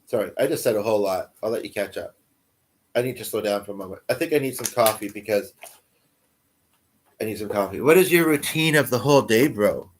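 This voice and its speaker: A man's voice: fairly low pitch, brisk, slight background noise. A man livestreaming in casual chat, answering viewers in a rambling, self-deprecating way and chuckling often.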